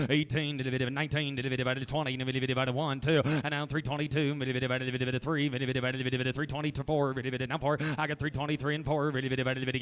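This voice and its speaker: An American man rattles off livestock bids in a rolling, rhythmic auction chant. His words come very fast yet stay smooth and crisp, with an even, mid-range pitch. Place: livestock sale barn.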